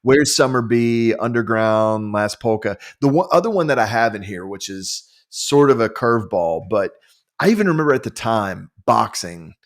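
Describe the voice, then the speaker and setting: A man's voice: fairly low pitch, animated, normal speed. A man hosting a casual music podcast, talking with enthusiasm and lots of fillers. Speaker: podcast host. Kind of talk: casual chat about music.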